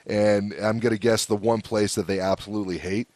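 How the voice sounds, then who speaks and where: Fairly low and fairly even in pitch, this American man speaks a little fast in a slightly mellow voice, recorded with no room sound. Hosting a podcast, he keeps the interview casual and chatty, with lots of fillers and restarts.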